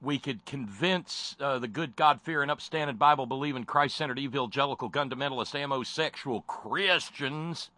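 A man's voice: medium pitch, moderate pace, few pauses, bright, forceful tone, no room sound. A man hosting a talk show, delivering sarcastic, impassioned commentary with frequent stammered restarts.

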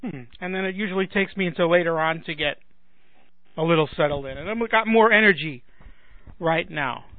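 A man's voice: a little high, a little fast, no echo. Rambling man on a tinny phone line. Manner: rambling, self-deprecating, many restarts. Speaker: radio host filling in. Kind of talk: casual radio chat. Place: home in Chicago.

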